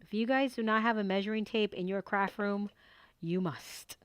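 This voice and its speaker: A middle-aged woman hosting a papercraft tutorial, chatting casually and excitedly while she works and talking herself through each step at her desk at home. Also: medium pitch, normal speed, clean tone, no room sound, clean studio sound. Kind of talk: casual crafting tutorial chat.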